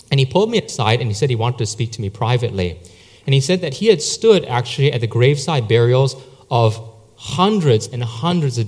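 A man's voice: mid-range voice, darkish tone. A man preaching a sermon, telling stories in a conversational way with many fillers. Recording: long hall reverb.

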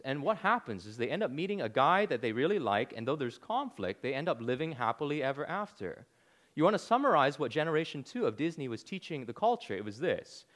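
A man in his thirties delivers a sermon with a lively, fairly high voice that rises and falls freely. He leans on rhetorical questions and a dry, sarcastic edge to drive his points home. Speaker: pastor.

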